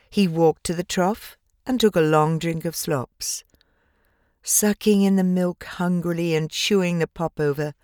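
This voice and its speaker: A woman reads a children's storybook aloud, slow and gentle, in a fairly low voice. The recording is dry and close, with no room around her. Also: no echo. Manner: measured, gentle, expressive. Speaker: audiobook narrator. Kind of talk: scripted storybook narration.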